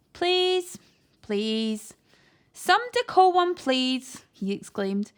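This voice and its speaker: A woman reading a children's book aloud with animated, expressive storytelling. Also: high voice, gravelly. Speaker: reader.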